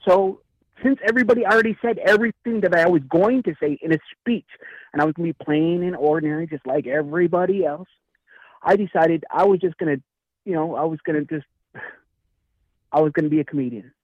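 A man and author telling a story in casual chat, acting out the lines of the people in it with lively energy. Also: on the high side, a little fast, dry recording, muffled recording. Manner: animated, acts out dialogue in story. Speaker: guest speaker and author.

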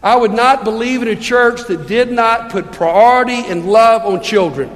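A man preaches from the pulpit with a high, earnest voice, pleading with his congregation through rhetorical questions. His words ring out with a long reverb that fills the church hall. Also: moderate pace. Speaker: pastor. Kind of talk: sermon. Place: church sanctuary.

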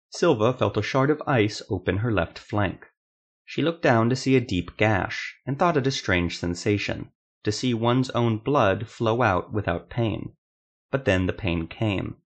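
Low-voiced man narrating an audiobook. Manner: measured, dramatic reading. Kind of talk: scripted fantasy audiobook narration.

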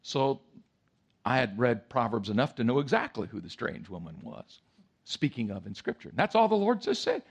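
A male pastor preaching a sermon, telling a story in a lively way and acting out voices and sounds. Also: mid-range voice, normal speed, creaky, breathy edge.

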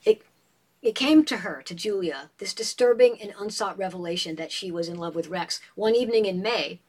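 A woman in a casual book discussion, retelling a novel as an animated storyteller and reading passages aloud. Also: medium pitch, a little fast.

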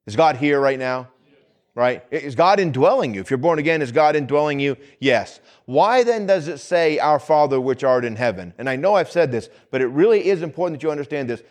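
A man's voice: on the high side, expressive, a little fast. A man, a pastor, giving a conversational sermon that repeats phrases and asks the congregation questions.

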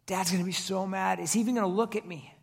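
A man's voice: high voice, steady tone, gravelly, breathy edge, heavily acted. A man voicing an anxious young man walking home in shame, firing off worried questions. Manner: fretful, rapid worried questions.

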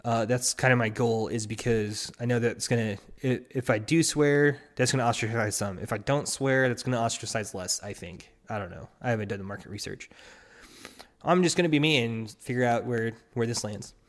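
A man's voice: mid-range voice, a little fast. A man hosting a solo podcast, talking casually with many restarts and acting out quoted partners. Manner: rambling, restarts often, acts out quoted partners. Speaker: podcast host.

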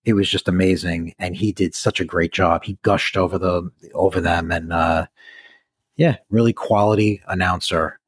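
A man with a very low, husky voice chats easily on a podcast, agreeing and reminiscing. The sound is dry and close, with no echo. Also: steady tone, normal speed. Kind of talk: casual chat.

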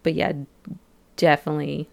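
Woman, podcast co-host, low voice, gravelly, chatty, lots of fillers. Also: level tone, normal speed, a little mellow. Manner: chatty, many fillers, acts out quotes of locals. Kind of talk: casual podcast recap.

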